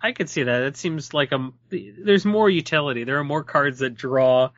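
A man's voice: a little high, no echo, muffled recording. A man co-hosting a podcast, chatting casually about card values with wry jokes. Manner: wry, joking, quick asides. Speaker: podcast co-host. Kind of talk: casual card-review chat.

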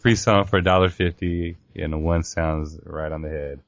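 A man's voice: low-pitched, steady tone, normal speed, highs cut off. A man on a podcast giving brief remarks and quoting card prices. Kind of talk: casual card-review chat.

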